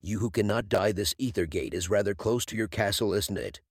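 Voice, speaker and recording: A man voicing an arrogant, scheming young prince with a husky, sneering delivery in a fantasy story reading. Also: fairly low pitch, a little fast, no echo, clean studio sound, voice pushed down, close to an everyday voice. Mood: mocking. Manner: sneering, mocking.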